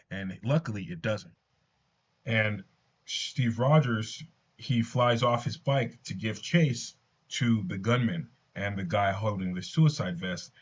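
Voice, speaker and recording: Low-voiced man recapping comics. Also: dull audio. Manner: earnest retelling with asides. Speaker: comics commentator. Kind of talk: casual comic recap narration.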